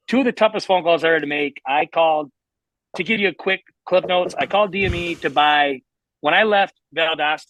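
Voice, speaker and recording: A man's voice: on the high side, pushed and bright, dry recording, poor audio. A man in his thirties, a racing guest telling long self-mocking stories in a casual interview. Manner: rambling, self-mocking storyteller.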